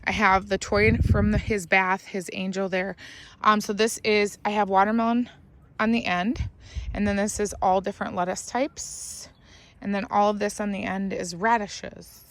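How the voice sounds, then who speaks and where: A woman's voice: medium pitch, flat delivery, normal speed. A woman with a scratchy voice giving a casual, rambling walkthrough of her backyard garden, filmed on a phone outdoors. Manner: chatty, rambling, talks to her dogs. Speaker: vlogger giving a garden tour.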